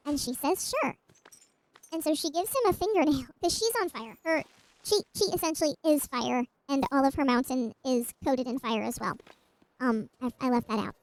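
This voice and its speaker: A woman's voice: sits high, moderate pace, low-quality recording. A woman streamer casually retelling a myth while gaming, rambling with asides and restarts.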